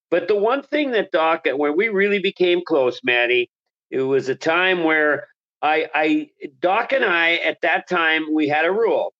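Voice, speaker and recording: A man's voice: fairly high pitch, a bit bright, lo-fi sound. A man who was a hockey color analyst, telling a long story as an interview guest, enthusiastic and rambling with restarts.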